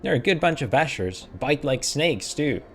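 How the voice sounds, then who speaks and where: Brief: man doing a snarky floating male skull sidekick, grumbling, casual, mid pitch. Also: big pitch swings, moderate pace, a bit bright, a little hiss or hum. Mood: sarcastic. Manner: sarcastic, grumbling. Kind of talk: reading game dialogue aloud.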